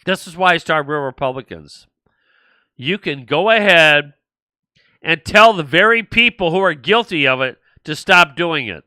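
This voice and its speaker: A man's voice: on the high side, lively intonation, measured pace, sharp tone, dry recording. An older man hosting a political talk show, blunt and rambling, mocking the people he talks about. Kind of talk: political commentary.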